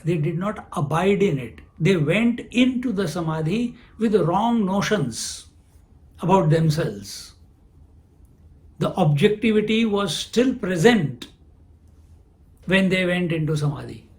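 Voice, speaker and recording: A man giving a spiritual discourse, unhurried, who asks questions and answers them himself. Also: high-pitched, expressive. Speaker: spiritual teacher.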